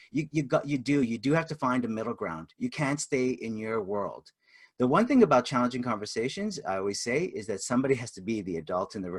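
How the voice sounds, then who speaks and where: A man's voice: lowish voice, a bit bright. A middle-aged man presenting a workplace communication webinar, chatty with lots of fillers, acting out example lines. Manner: chatty, many fillers, acts out example dialogue. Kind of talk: interactive webinar teaching.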